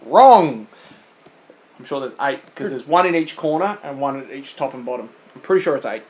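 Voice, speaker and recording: A man's voice: mid-range voice, expressive, a little fast, a little mellow, poor audio. A man co-hosting a podcast, reading quiz questions in casual, teasing banter and laughing often.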